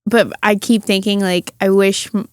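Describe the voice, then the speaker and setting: A woman co-hosting a podcast, speaking casually and haltingly, restarting her words as she shares something personal. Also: mid-range voice, fairly even intonation, darkish tone, clear, resonant tone, no echo, clean studio sound. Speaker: podcast co-host.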